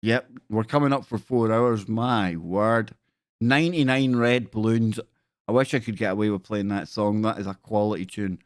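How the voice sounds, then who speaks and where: A man's voice: fairly low pitch, moderate pace, few pauses, no echo, clean studio sound. A man hosting a live stream, chatting casually with viewers in a scornful, rambling way.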